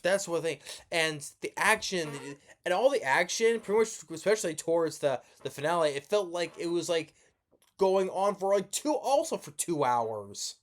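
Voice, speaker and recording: A man's voice: sits high, expressive, normal speed. Sleepy man ranting in a review. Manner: rambling and profane, many restarts. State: sleepy, yawning. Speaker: movie reviewer.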